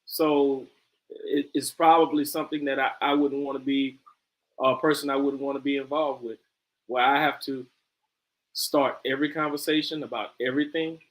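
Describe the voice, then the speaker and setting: A man's voice: medium pitch, level tone, moderate pace, rough recording. A man on a discussion panel, answering hesitantly with questions of his own. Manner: hesitant, questioning, laughs easily. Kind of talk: casual discussion.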